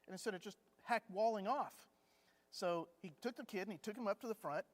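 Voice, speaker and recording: High-voiced man teaching in a reverberant hall. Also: brisk. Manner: chatty storyteller acting out anecdotes with humor. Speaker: Bible class teacher. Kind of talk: conversational Bible lesson. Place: church classroom.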